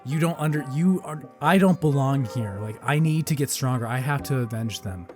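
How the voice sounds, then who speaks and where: A man's voice: mid-range voice, lively intonation, normal speed, darkish tone, faint music behind, close to an everyday voice. A man voicing a bitter young male ninja set on revenge, speaking in a cold, clipped way during a casual fan role-play.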